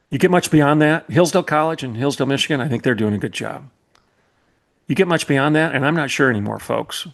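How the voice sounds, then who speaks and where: A middle-aged man, a former college president who now hosts a podcast, speaks in a mid-range voice with vocal fry. He delivers an impassioned commentary monologue in an emphatic, repetitive, preacher-like cadence.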